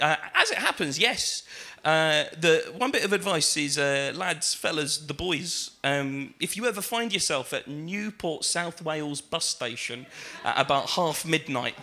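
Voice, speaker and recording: A man doing a stand-up comedy routine on stage, chatty and full of fillers, swearing and building to shouted punchlines. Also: a little high. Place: comedy stage with live audience.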